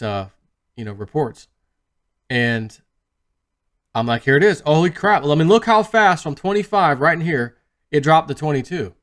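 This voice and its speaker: A man's voice: mid-range voice, a bit bright. Chatty man rambling about his trades. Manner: chatty, rambling, lots of restarts and retold asides. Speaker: crypto YouTuber. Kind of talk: casual monologue to camera.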